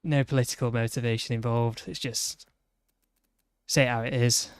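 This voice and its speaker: A man's voice: mid-range voice, fairly even intonation, normal speed, no room sound. Yorkshire streamer, young man, blunt teasing banter, stumbling restarts, dry close sound. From northern England. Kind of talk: casual chat while gaming.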